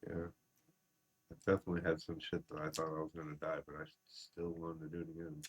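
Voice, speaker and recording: A man chatting casually as a podcast guest, giving quiet, brief replies. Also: very deep voice, completely flat delivery, fast talker, a little hiss or hum. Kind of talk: casual chat.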